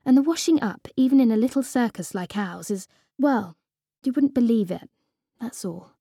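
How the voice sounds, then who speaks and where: A woman reading a storybook aloud as an expressive first-person narrator. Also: a little high, moderate pace, slightly rough, no room sound, clean studio sound. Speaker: audiobook reader.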